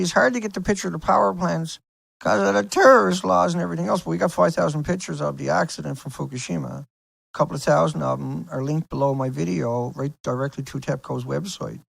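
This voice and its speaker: Male video host, slightly high gravelly voice, rambling and insistent, dry close mic. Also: a little fast, no echo. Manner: rambling, insistent, rhetorical questions. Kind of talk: casual explainer over screen pictures.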